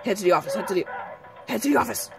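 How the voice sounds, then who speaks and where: A man giving joking, excitable commentary over his video game play, calling out to the characters on screen. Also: high voice, very fast, gravelly. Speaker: gameplay commentator. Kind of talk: casual gameplay commentary. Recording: game music loud behind voice. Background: video game music and sounds.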